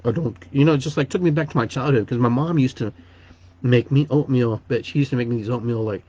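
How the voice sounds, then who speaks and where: A man's voice: mid-range voice, quick pace, mellow, husky, muffled recording. Man rambling through a personal story. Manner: rambling, repeats words and restarts sentences. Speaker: podcast host.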